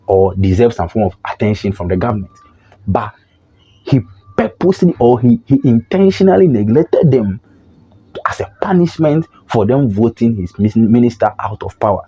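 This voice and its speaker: Husky, low-voiced Ghanaian commentator. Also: male voice. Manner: animated, mocking, restarts often. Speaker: political commentary vlogger. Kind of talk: opinionated commentary. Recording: dull lo-fi recording.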